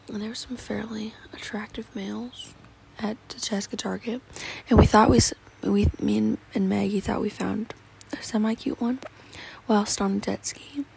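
A woman's voice: medium pitch, gravelly, a little mellow, husky, rough recording. A teenage girl, rambling casually in a teary, sniffly voice and often half-whispering. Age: teens. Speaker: vlogger.

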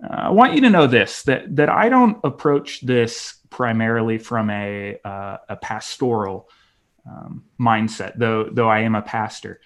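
A man's voice: on the low side, animated. A male pastor giving a conference talk, candid and personal, with frequent fillers and restarts. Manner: halting, many fillers and restarts.

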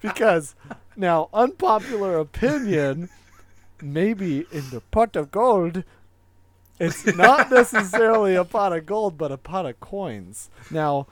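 A young man co-hosting a casual comedy podcast, rambling and excitable, with lots of slang and restarts. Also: high-pitched, slow, slight background noise. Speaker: podcast co-host.

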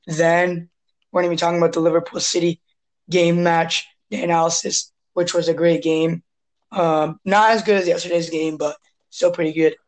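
A hoarse young man hosting a casual sports podcast, rambling and often clearing his throat. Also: fairly high pitch, level tone, moderate pace, rough recording. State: hoarse from asthma. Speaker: podcast host.

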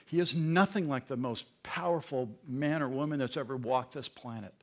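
A middle-aged male pastor preaching a sermon, moving between quiet asides and loud proclamations, often repeating words when stirred up. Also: mid-range voice, normal speed.

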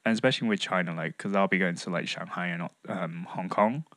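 A man's voice: sits low, brisk, fairly bright tone, no room sound, studio quality. A young man co-hosting a podcast, laid-back and easily laughing, hedging his points with fillers. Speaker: podcast co-host. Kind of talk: casual chat.

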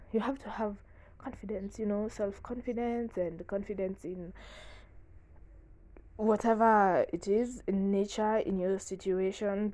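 A young woman talking frankly in casual chat, excitable and quick to burst into laughter, swearing freely. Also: medium pitch. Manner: frank and profane. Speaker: vlogger.

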